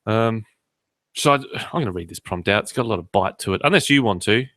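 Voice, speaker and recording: A man's voice: on the low side, lively intonation, fast, fairly bright tone, no room sound. A man with an Australian accent co-hosting a podcast in casual, joking chat with many fillers. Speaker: podcast co-host.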